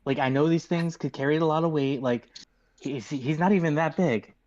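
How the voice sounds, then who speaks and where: A man playing a tabletop game, rambling quickly and excitably in character. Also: a little high, highs cut off. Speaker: player. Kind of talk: in-character tabletop role-play.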